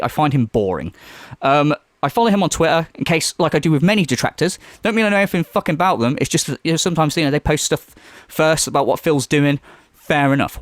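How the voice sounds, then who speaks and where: A man's voice: fairly high pitch, no room sound, clean studio sound. A man hosting a commentary channel, ranting in a sweary, sarcastic monologue and mocking people in silly voices.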